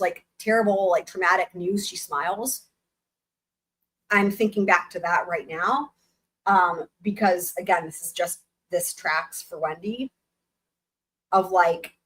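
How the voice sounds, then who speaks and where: A woman's voice: medium pitch, fairly bright tone. A woman in her thirties hosting a live stream, reading a book aloud with chatty, sarcastic asides. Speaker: livestream host and reader.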